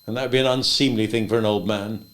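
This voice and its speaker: A man voicing a wry, stubborn old male farmer who speaks gently and thoughtfully, a bit louder than his narration. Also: on the low side, fairly even intonation, fast talker, close to an everyday voice. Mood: wistful.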